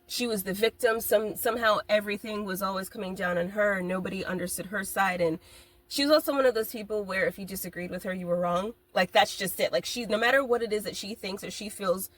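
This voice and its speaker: Woman podcast host just chatting, blunt and animated, laughs a lot, swears. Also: mid-range voice. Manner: candid, animated storytelling with frequent laughs and swearing. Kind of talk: casual podcast monologue.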